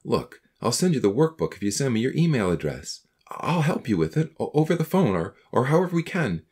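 Guy putting on a low husky earnest teen boy voice, lively ups and downs, storybook. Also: a little fast. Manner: earnest, a little awkward. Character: earnest teenage boy, newly baptized, eager to encourage.

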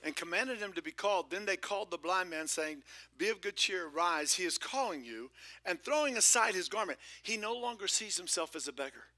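A man preaching a lively sermon as pastor of a church, shifting between loud exclamations and hushed whispers with playful asides. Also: sits high, brisk, dry recording. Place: church sanctuary.

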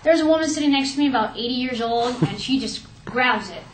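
A young woman telling a personal story in an animated way, acting out what people said. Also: a little high, brisk, distant mic, a little hiss or hum. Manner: lively, animated retelling with quoted asides. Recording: echoey room, faint ambience.

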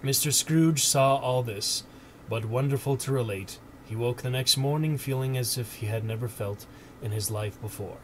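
A man's voice: medium pitch, moderate pace, slight background noise. Man reading a storybook aloud. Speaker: streamer.

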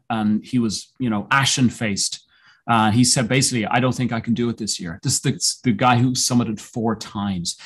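Podcast guest, male, mid-range voice; earnest, reflective storyteller who halts and restarts often. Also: medium pitch. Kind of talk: personal storytelling in an interview.

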